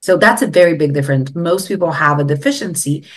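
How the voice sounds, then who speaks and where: Earnest middle-aged woman, slightly low voice. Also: fast. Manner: emphatic and earnest, stressing key advice. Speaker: neuroscience guest expert. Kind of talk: explanatory interview talk.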